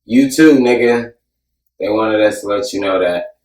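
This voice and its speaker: A man hosting a casual, profane podcast chat, joking and animated as he recaps events. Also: fairly low pitch, unhurried. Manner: animated, joking, mimics people loudly. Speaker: podcast host. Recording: roomy sound, mic at a distance.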